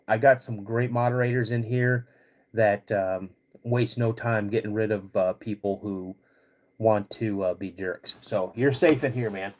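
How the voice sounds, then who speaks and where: Middle-aged male host, unhurried, rambling delivery, tail end of a cold with frequent throat clearing. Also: mid-range voice, darkish tone. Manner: laid-back and rambling, greets chat viewers between stories. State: getting over a cold. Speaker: podcast host. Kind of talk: casual livestream chat.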